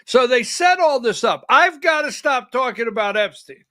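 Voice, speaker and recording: A middle-aged man hosting a livestreamed political commentary show, talking in an animated, rhetorical way, often asking "right?" and rising to near-shouting when worked up. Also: extremely high pitch, normal speed, few pauses, dry recording, clean studio sound. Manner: talks while fumbling with on-screen clips.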